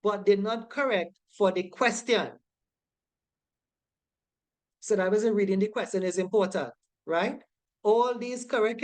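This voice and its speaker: In an online lecture, a woman goes over quiz answers for a safety course, speaking emphatically and frequently asking "right?" to make sure her students follow. Her voice is medium-pitched and a little mellow.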